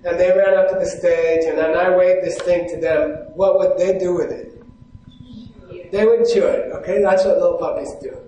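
A Buddhist teacher with a high, darkish voice speaks from a stage to a live audience in a large hall, where the sound echoes heavily and a little hiss or hum is audible. His teaching is loose and conversational at a moderate pace, with fairly even intonation, and he keeps asking listeners questions and checking that they follow.

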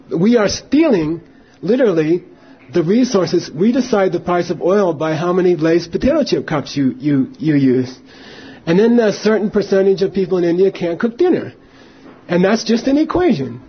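Man, middle-aged, very husky, higher voice, earnest informal teaching talk. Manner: earnest, repeats "you know" and "right". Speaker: Buddhist teacher. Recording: dull lo-fi recording.

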